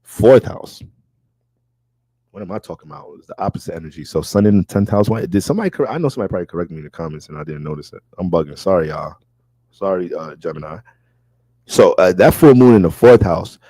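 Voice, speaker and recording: A man giving a casual astrology reading, talking in a loose, profane and animated way. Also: deep voice, fast talker, slightly rough, no room sound.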